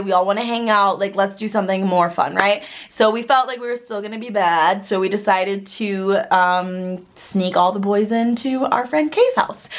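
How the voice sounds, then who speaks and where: A woman in her twenties telling a story to camera in a chatty, filler-heavy way, bursting into excited quoted voices. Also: medium pitch. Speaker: vlogger. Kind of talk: casual storytime vlog.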